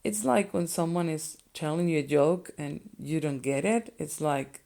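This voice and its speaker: A young woman whose first language is Spanish, teaching phrases slowly and clearly and repeating each one for learners. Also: sits low, dark tone.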